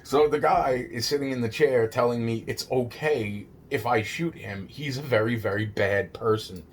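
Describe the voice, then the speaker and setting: A man in the middle of recounting a true story, voice at an ordinary middle pitch with a faint ambient hum behind him. He stumbles over restarts and repeated words and swears constantly. He sounds shaken, as if he can barely believe it himself. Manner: rambling and halting, many restarts and repeated words; shaken disbelief at his own story. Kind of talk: casual first-person true-story retelling.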